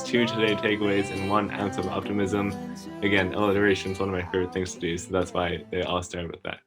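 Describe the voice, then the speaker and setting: A young man with a very deep voice hosts a relaxed podcast over a call. He talks in an upbeat, rambling way, leaning on fillers while steering his guests from one segment to the next. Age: young adult. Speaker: podcast host. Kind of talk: casual podcast chat.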